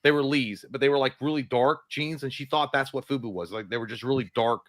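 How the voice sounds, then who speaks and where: A man's voice: medium pitch, a little fast, a bit bright. A man rambles through stories that poke fun at himself, putting on voices now and then. His voice sits in the middle range, with a dry, close sound and no room echo. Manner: rambling, self-mocking storytelling with voiced impressions. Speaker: podcast co-host. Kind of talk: casual chat.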